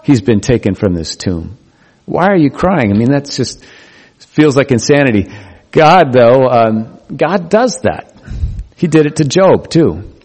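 A man preaching a sermon in a conversational, animated way, acting out the voices he quotes. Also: medium pitch, a little slow, husky. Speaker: pastor. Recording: long hall reverb.

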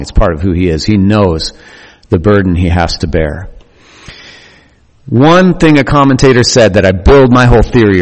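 A man preaches in a relaxed, conversational sermon, retelling the story with emphatic turns and plain asides. His voice sits mid-range and rings with the long reverb of a hall. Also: mid-range voice. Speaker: pastor.

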